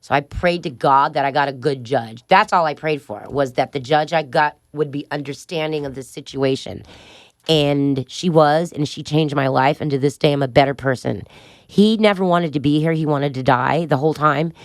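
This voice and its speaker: A woman's voice: low-pitched, moderate pace, no room sound, studio quality. A middle-aged woman as a podcast guest, telling a wild story bluntly and profanely, laughing along as she goes. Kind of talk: candid storytelling interview.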